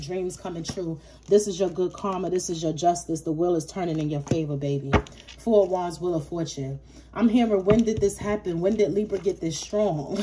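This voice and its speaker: A woman's voice: medium pitch, noisy background. A woman giving a casual tarot reading, blunt and profane, talking straight to the viewer and repeating herself for emphasis. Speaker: tarot reader.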